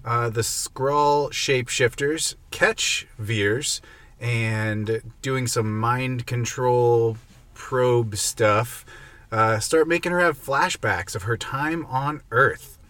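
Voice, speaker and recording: Male podcast host, relaxed delivery, takes his time. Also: medium pitch, slow, no echo. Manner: relaxed, summarizing a plot from notes. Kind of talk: casual podcast chat.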